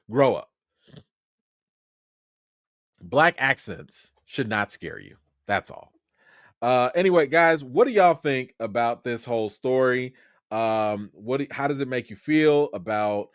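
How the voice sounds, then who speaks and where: A man's voice: lowish voice, no room sound, studio quality. A man hosting a casual movie news livestream, talking in a slangy, chatty way. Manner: animated, talks back to the listener, slangy.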